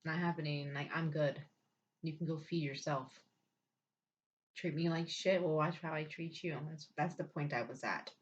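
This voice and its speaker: A woman's voice: low-pitched, normal speed. A woman recounting her own life story in a blunt, profane, emphatic way. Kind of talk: personal storytelling. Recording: dull lo-fi recording.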